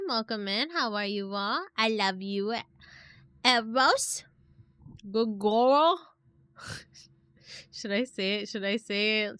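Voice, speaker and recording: Young woman, live streamer, casual rambling chat, giggly, unhurried delivery, crisp tone. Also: medium pitch, lively intonation, pushed and bright, no echo, clean studio sound.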